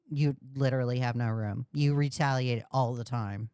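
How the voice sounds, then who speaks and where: A woman's voice: a bass voice, normal speed, few pauses, mellow, clean tone, dry recording, clean studio sound. A woman streamer giving blunt, mocking commentary on a call during a livestream.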